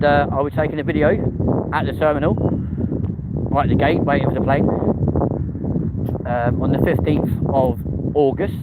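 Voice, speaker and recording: A man from London with a London accent, chatting casually on a live stream and bantering with viewers' comments in slangy replies. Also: mid-range voice. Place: outdoors on a busy city street. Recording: loud street traffic noise.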